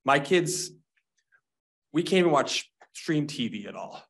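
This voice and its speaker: A man making a public comment at a board meeting, emotional and pleading, speaking haltingly. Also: a little high, big pitch swings, a bit bright. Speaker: member of the public.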